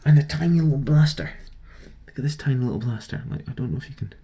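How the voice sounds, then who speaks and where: A man's voice: mid-range voice, quick pace, warm tone, breathy edge. A young man rambling casually about his week while building a model kit, chatty and self-deprecating.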